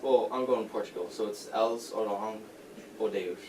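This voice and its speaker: A man's voice: on the low side, brisk, mellow. A man in a language class giving tentative answers to the teacher. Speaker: language student. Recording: echoey classroom, far mic, noisy.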